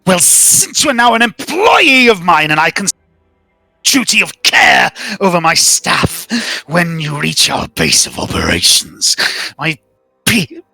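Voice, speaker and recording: A flamboyant inquisitor lord, as a game master puts him on, all booming proclamations that leap high and plunge low. The voice is bright and forceful, sitting dry and close, with faint music underneath. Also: male voice, sing-song, measured pace, vocal fry, husky, dry recording, full character voice. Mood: grandiose. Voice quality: booming, swooping theatrical delivery. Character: flamboyant grandiose male inquisitor, theatrical. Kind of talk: tabletop role-play voicing.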